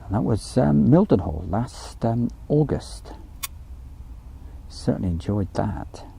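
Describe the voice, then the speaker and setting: A man's voice: fairly low pitch, lively intonation, slow pace, vocal fry, warm tone, a little hiss or hum. A man hosting a casual live stream from outdoors by an airfield, chatty and joking as he reads out viewer messages.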